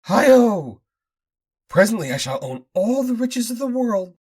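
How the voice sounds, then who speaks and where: Shrill old inventor, vengeful and ranting, husky edge. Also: male voice, big pitch swings, normal speed, darkish tone, exaggerated voice. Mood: gloating. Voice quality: thin, high, screeching. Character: cackling mad old male inventor.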